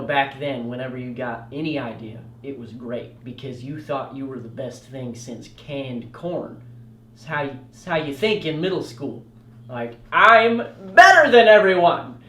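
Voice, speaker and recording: A young man hosting a comedic story time, animated and quick to yell out loud bits. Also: medium pitch, far from the mic, slight background noise. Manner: animated, yelling out quoted lines and rushing through bursts. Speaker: storytelling host. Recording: roomy echo, off-mic, faint music.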